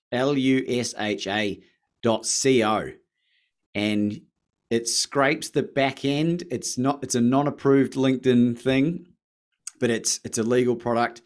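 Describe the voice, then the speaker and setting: Animated Australian man telling a story. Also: medium pitch. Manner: animated, acts out phone calls with rising excitement. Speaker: podcast guest. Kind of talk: casual storytelling.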